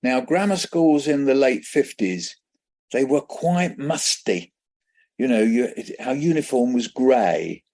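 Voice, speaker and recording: A man in his seventies from England, a children's poet guest telling lively anecdotes in an interview and acting out the voices in them. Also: mid-range voice, takes it slowly. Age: 70s. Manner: lively anecdotal storyteller who acts out voices. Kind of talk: conversational storytelling interview.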